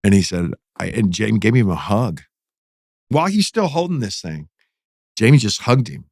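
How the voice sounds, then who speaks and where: A man, a pastor telling a story in a podcast interview, animated and acting out quotes. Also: moderate pace, gravelly, breathy edge, no room sound, studio quality. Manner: animated, acts out quotes with rising pitch.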